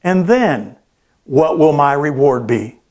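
A man doing a calm, smiling fisherman. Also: fairly high pitch, slow, voice pushed down. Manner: calm, gently questioning.

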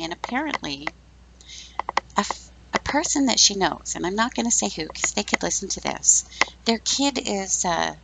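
A woman's voice: mid-range voice, gravelly, heavy background noise. A woman in her fifties hosting a podcast, giving blunt, sarcastic opinions in a casual, chatty monologue. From Canada. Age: 50s. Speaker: podcast host.

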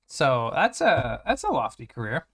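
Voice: medium pitch, huge pitch swings, unhurried, a bit bright. An anime reviewer talking casually, rambling with many restarts and sarcastic asides.

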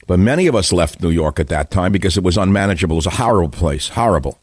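A man's voice: deep voice, no room sound. A man in his seventies hosting a talk radio show, giving an opinionated, rambling and sardonic monologue into a studio microphone. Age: 70s.

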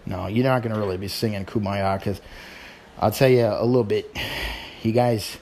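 A man's voice: fairly low pitch, steady tone, normal speed, darkish tone, a little hiss or hum. A middle-aged man hosting his show in casual chat, rambling informally with sighs and restarts. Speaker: podcast host.

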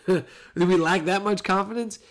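A man, a father with young kids, giving a rambling, animated solo commentary on a football game and correcting himself as he goes. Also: high-pitched, measured pace. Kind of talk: casual solo sports commentary.

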